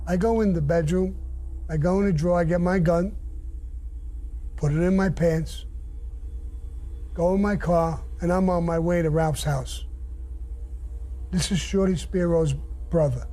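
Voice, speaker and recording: Older man, dark mellow tone, blunt profane storytelling, faint music underneath. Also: a little high, steady tone, unhurried, long pauses. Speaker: interviewee recounting his past. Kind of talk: casual storytelling.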